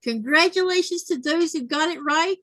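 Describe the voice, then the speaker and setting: A woman's voice: extremely high pitch, moderate pace, fairly bright tone. A woman hosting a casual sewing livestream, chatting and laughing often as she reads viewer comments aloud. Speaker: livestream host.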